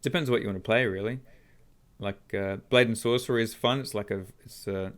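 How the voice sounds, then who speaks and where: A man's voice: fairly low pitch, fairly quick, smooth. A young man chatting as a podcast guest in a laid-back, easygoing way. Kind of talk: casual podcast chat.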